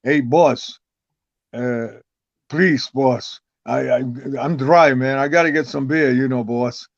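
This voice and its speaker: A man's voice: mid-range voice, slow, vocal fry, dry recording. Older guy doing a giant wrestler buddy begging for beer, wheedling, dull lo-fi audio. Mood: pleading. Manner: wheedling, keeps calling the listener boss. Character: giant male wrestler pal, pleading for beer. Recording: dull, lo-fi, dry sound.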